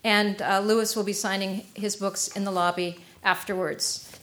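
A woman hosting a public talk, delivering a steady welcome introduction with small filler pauses. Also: medium pitch. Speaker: event host introducing speakers.

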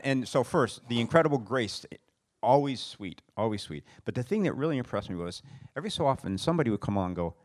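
A man's voice: mid-range voice, expressive, quick pace. A man in casual conversation, telling anecdotes animatedly and laughing often. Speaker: interviewer and friend.

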